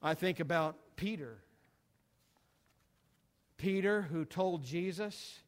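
High-voiced preacher in a ringing hall. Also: male voice, slow pace, pauses often. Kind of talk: sermon. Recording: long reverb of a large hall.

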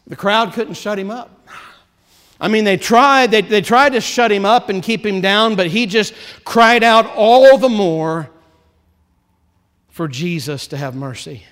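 A male pastor preaching a sermon, swinging between hushed, quiet passages and rising, impassioned build-ups. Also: high voice, unhurried, long reverb tail.

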